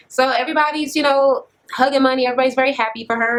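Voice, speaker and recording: A woman's voice: high voice, steady tone, very fast, few pauses. Blunt, profane woman ranting in a recap. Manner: blunt, profane, sarcastic, laughs at her own jokes. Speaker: reality TV recap vlogger. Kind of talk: casual ranting recap commentary.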